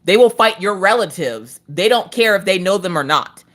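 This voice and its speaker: Woman, Southern accent, late thirties, casual chat, slight slur, lively rising and falling pitch. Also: moderate pace. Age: 30s. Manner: animated, swearing storyteller, slight slur. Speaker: craft live streamer. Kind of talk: casual live stream chat.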